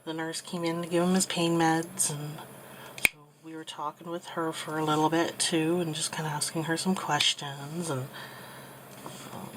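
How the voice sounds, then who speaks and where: Soft-spoken tearful woman, low voice. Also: little pitch movement, heavy background noise. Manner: soft, halting, with many pauses and fillers. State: tearful, getting emotional. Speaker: crafting channel host. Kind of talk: personal storytelling while crafting.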